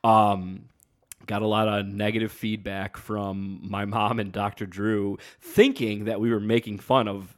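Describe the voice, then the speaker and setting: Chatty low-voiced man. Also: level tone, unhurried. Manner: chatty, laughs while telling stories. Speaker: podcast co-host. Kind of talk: casual chat.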